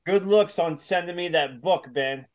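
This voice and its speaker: A man's voice: high-pitched, normal speed. A man co-hosting a podcast in casual chat, rambling with repeated words and laughing easily. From United States. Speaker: podcast co-host.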